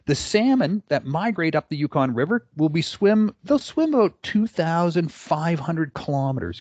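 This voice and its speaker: A middle-aged man tells stories to an audience in a loose, conversational way, often pausing on "uh" and breaking into the voices of people in his anecdotes. His voice sits a little high for a man. The recording is dry and muffled, with little room sound. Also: darkish tone, no room sound. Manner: conversational, with frequent "uh" fillers and acted-out quotes. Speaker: presenter. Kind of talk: storytelling presentation.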